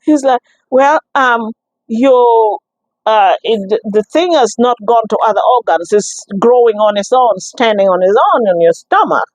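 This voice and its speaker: A woman giving a personal testimony, telling her story in an animated, expressive way, with many restarts and acted-out exchanges. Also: on the high side, a little slow, dry recording, poor audio. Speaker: guest sharing a testimony.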